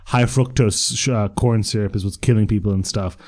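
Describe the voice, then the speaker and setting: Fast-talking teasing man. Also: on the low side, steady tone, a little mellow. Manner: joking, teasing, quick. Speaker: podcast co-host. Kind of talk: casual chat.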